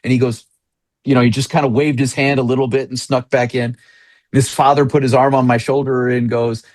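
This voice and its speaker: A man's voice: mid-range voice, level tone, brisk, darkish tone, dry recording. Jokey storytelling male pastor, dry sound. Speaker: associate pastor. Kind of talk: interview guest storytelling.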